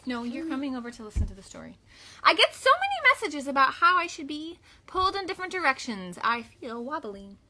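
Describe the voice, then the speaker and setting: A woman's voice: sits high, big pitch swings, a little fast, sharp tone. Sing-song woman teaching young kids. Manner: sing-song, upbeat with children. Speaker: teacher and mother. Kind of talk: kids' song and read-aloud lesson.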